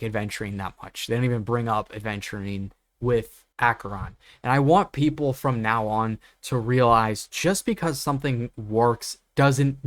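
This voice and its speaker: A young man rants unscripted into a desk mic, exasperated and swearing freely. His talk is full of fillers and restarts. The sound is dry and close, at a middling pitch. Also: dry recording. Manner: exasperated, profane, many fillers. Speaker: gaming YouTuber. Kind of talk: unscripted rant.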